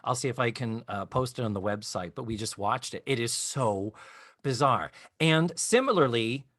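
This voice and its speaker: A man co-hosting a podcast in casual chat, animated and storytelling, acting out scenes as he goes. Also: mid-range voice, normal speed, no echo, clean studio sound. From Florida, US. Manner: animated storyteller, acts out lines and hums tunes. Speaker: podcast co-host.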